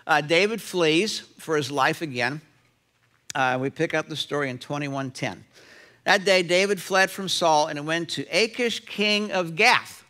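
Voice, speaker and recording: A middle-aged man preaching a sermon as pastor in a church, lively and often acting out the voices of people in the stories he tells. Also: a little high, a little slow. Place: church sanctuary.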